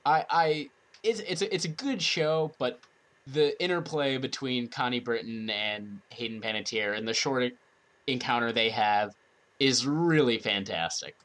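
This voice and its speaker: A man with a mid-range, slightly bright voice co-hosts a loose, casual conversational show at a measured pace. He often stumbles over his words and starts sentences again, and he laughs easily at the others.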